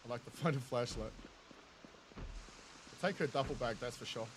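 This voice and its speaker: A man's voice: medium pitch, moderate pace, background noise. A man in his thirties with a New Zealand accent, chatting with viewers in casual, jokey gameplay commentary, laughing often and swearing freely. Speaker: game streamer.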